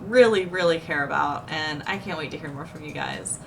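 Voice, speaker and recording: A woman's voice: deep voice, a little fast, vocal fry, a little hiss or hum. A woman hosting a gaming news show, chatty and giggly with her guests.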